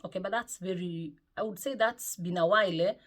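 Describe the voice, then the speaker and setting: A middle-aged woman, chatting to camera from home in a lively vlog, often tagging her sentences with "eh?". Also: lowish voice, brisk. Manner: lively and chatty, with frequent "eh?" tags. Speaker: motivational vlogger. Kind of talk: casual chat to camera. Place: home, indoors.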